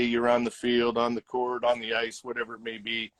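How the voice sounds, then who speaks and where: A man's voice: medium pitch, brisk, hardly any pauses, no echo, rough recording. A middle-aged man, a retired hockey player, telling stories casually in an interview and acting out the quotes in them. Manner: animated, acts out quotes in his stories. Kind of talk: casual storytelling.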